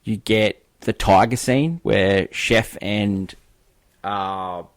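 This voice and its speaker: A man's voice: lowish voice, extremely slow, no room sound. A man co-hosting a film review podcast, recapping scenes in a rambling, hesitant way full of fillers.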